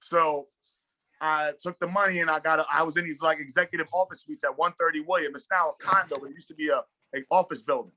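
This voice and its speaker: Bright, animated Brooklyn storyteller man. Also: on the high side, fast talker, dry recording. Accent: New York. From Brooklyn, New York. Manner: animated, slangy storyteller acting out dialogue. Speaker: guest, basketball coach. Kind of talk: casual storytelling interview.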